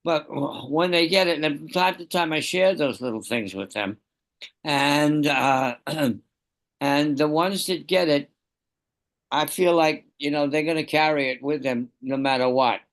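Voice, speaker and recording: A man in a casual group discussion on a video call, speaking in a halting, reflective way with many restarts. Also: on the high side, fairly bright tone. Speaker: participant sharing experience with children.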